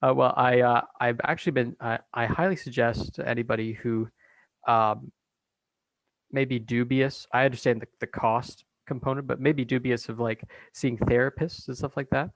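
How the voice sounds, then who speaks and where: A man talking as a guest in a casual conversation, hesitant with many pauses and restarts. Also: mid-range voice, fairly even intonation, no room sound, poor audio.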